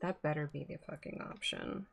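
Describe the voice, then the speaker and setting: A woman's voice: sits low, normal speed, creaky, a little hiss or hum. A woman streaming live, chatting casually, swearing freely and scolding her cat.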